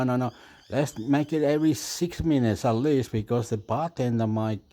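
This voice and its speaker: A man's voice: mid-range voice, darkish tone. Rambling man. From Chile. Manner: meandering, self-deprecating, laughs often. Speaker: YouTuber. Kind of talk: rambling casual monologue.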